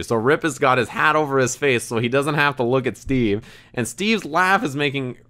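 Smooth-voiced man rambling through a funny story. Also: medium pitch, moderate pace, bright, forceful tone. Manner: rambling, laughing, heavy use of "like". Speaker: streamer. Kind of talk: casual storytelling.

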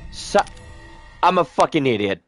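A man's voice: fairly high pitch, very animated, moderate pace, faint music behind. Swearing, joking male game streamer. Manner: swears a lot, jokes, sudden loud whoops. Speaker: gameplay streamer. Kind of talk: casual let's-play commentary.

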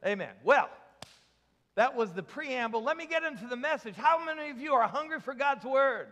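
A high-pitched man preaching to his congregation, throwing in jokes and asking them questions. His voice rings out with a long reverb in a church hall. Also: lively intonation, moderate pace, a bit bright. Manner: jokey, asks the congregation questions. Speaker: pastor. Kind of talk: sermon.

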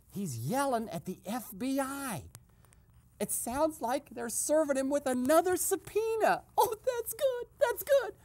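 A male host doing a comic eavesdropping skit, giving a hushed, gleeful play-by-play that breaks into sudden excited outbursts. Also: sits high, husky.

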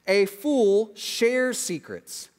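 Male preacher, conversational sermon, raised pitch, long church-hall reverb. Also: animated, drawn-out words, darkish tone. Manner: conversational, acts out quoted voices, frequent "right?" asides. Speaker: pastor.

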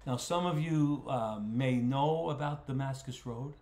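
A middle-pitched man teaches a relaxed Bible study, talking in a homespun, loose way. He often circles back on his words while he works out what to say next. The room around him rings with noticeable echo. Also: a little slow. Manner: folksy, repeats words while thinking aloud. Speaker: pastor leading a Bible study. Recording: roomy echo.

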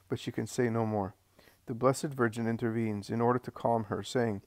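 Male devotional reader, low-pitched, calm, dry close recording. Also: no echo. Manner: calm, unhurried, occasional slips and restarts. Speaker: audiobook reader. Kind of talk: devotional scripture-style reading.

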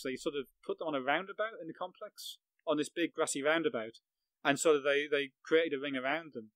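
On a podcast, a middle-aged football journalist from England laughs through a vivid, self-mocking story about a match he covered. His voice runs on the high side with a fairly bright tone, and the poor audio has no room sound.

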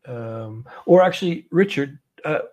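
A man's voice: medium pitch, animated, unhurried, darkish tone. A man hosting a casual options trading call, talking through a trade and putting questions to his audience. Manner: conversational, many fillers, poses questions to audience. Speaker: trading community host.

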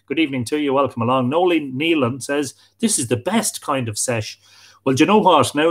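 A man with an Irish accent hosting a live online show, chatting casually and greeting viewers by name as he reads out their comments. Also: mid-range voice. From Ireland. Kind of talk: casual live-stream chat, reading out comments.

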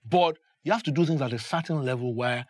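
A man's voice: mid-range voice, fast talker, no echo, studio quality. A man, a broadcaster speaking earnestly and emphatically in a roundtable discussion. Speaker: broadcaster and production company founder.

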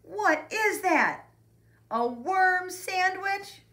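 A woman's voice: very high-pitched, big pitch swings, measured pace, fairly bright tone, pitched above the performer's own voice, exaggerated voice. A woman voicing a teasing schoolboy who gets hungry, in an exaggerated childlike way for a storybook read-aloud. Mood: mocking.

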